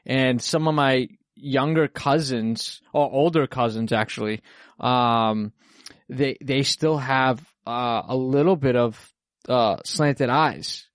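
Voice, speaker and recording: A man's voice: medium pitch, takes it slowly, dry recording. Loose-talking casual man, dry sound. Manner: rambling, loose and profane, many fillers. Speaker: podcast host. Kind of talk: casual chat.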